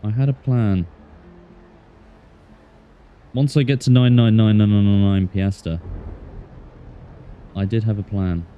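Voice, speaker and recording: A man's voice: lowish voice, steady tone, takes it slowly, pauses often, clear, resonant tone, muffled recording. A man streaming a game with casual, playful, self-mocking chat in a put-on Australian accent. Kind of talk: casual gameplay commentary.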